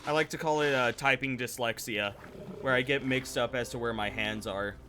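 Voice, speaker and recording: A man's voice: medium pitch, moderate pace, bright, forceful tone, slight background noise. A young man chatting casually while streaming a game live, rambling, playful, swearing and slipping into silly voices.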